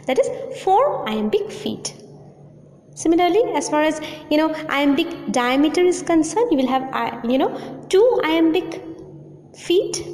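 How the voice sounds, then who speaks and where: A woman teacher giving a recorded audio lecture, explaining slowly and repeating key points for emphasis. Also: sits high, animated, darkish tone. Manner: slow, repetitive, emphatic explaining. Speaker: English teacher. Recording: echoey, reverberant room.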